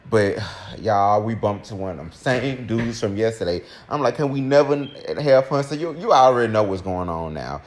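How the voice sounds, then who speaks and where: Young guy doing a storytime vid, lowish voice, lively and chatty, talks right at the viewers. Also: normal speed, a little hiss or hum. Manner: animated, keeps addressing listeners directly. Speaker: storytime vlogger.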